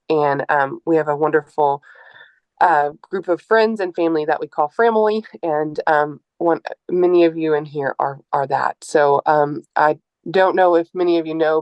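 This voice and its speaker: A woman in her forties, an author and educator, talking candidly and earnestly to a live audience, often pausing on um and uh. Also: low voice, a little mellow, no room sound, dull audio. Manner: earnest, open, with frequent um and uh. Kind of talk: candid personal talk at a book event.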